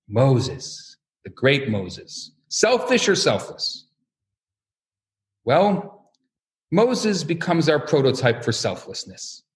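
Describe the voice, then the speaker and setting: A man lectures as a rabbi with a high voice and a wide-swinging, lively pitch. He tells stories animatedly and acts out the quoted speakers as he goes. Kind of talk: religious lecture.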